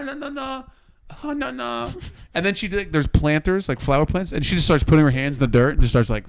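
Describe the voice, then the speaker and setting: A man co-hosting a podcast, telling a story casually and acting out quotes, with some swearing. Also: on the high side. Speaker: podcast co-host.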